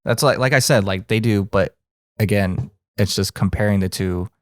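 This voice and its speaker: A man's voice: fairly low pitch, normal speed, dry recording, clean studio sound. A man co-hosting a podcast, chatting casually with enthusiastic agreement. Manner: enthusiastic, frequent backchannels. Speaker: podcast co-host. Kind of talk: casual chat.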